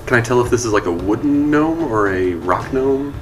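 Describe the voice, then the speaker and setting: A man playing in a tabletop game, calmly describing his character's actions and asking questions. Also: mid-range voice, moderate pace. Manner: calm, matter-of-fact questions and actions. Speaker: player.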